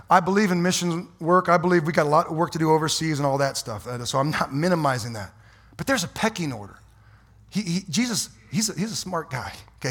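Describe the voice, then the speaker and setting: A man preaching a fiery, folksy sermon as pastor in a church, swinging from quiet asides to loud exhortation. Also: a little high, slightly rough. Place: church sanctuary.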